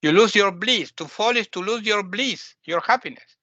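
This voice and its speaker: A man's voice: high-pitched, normal speed, pushed and bright, no room sound, highs cut off. A man with as his giving a spiritual lesson, repeating key phrases emphatically with phrasing. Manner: emphatic, repetitive teaching, non-native phrasing. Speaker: spiritual teacher. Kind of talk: spoken lesson.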